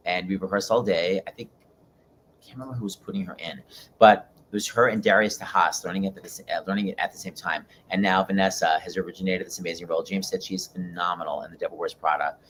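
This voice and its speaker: A man's voice: deep voice, fairly bright tone, a little hiss or hum. Gushing male talk-show host. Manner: gushing, rapid asides, repeats "oh my God". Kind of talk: casual talk-show monologue.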